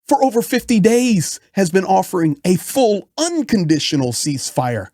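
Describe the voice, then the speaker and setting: A man's voice: high-pitched, big pitch swings, normal speed, hardly any pauses, warm tone, dry recording, clean studio sound. A man giving impassioned political commentary in a frustrated, emphatic way.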